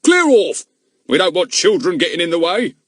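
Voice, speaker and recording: A man reading an audiobook, voicing a gruff, bossy village policeman who shouts and blusters. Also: high-pitched, very animated, moderate pace, no echo, clean studio sound, pitched above the performer's own voice. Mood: shouting.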